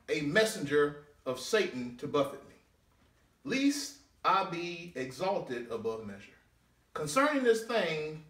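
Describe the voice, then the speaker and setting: A man, a deacon, preaching a sermon with drawn-out scripture readings and swooping pitch. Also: a bit bright. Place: church sanctuary. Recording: echoey church room, mic at a distance.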